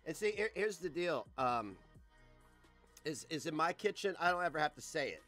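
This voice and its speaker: A man in his forties streaming live, ranting in a crude, mocking, loud way. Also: fairly high pitch, expressive, normal speed, soft background music. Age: 40s.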